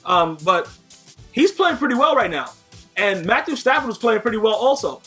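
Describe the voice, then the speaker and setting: A man hosting a casual football recap, ranting with slang and loud emphasis. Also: high voice, moderate pace, soft background music. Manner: animated, rants emphatically, slangy. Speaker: sports show host.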